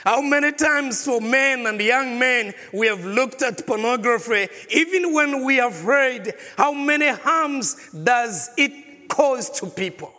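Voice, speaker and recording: A man's voice: very high voice, animated, takes it slowly, hardly any pauses, pushed and bright, big-room sound. A man preaching a sermon as a pastor, asking the congregation question after question. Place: church.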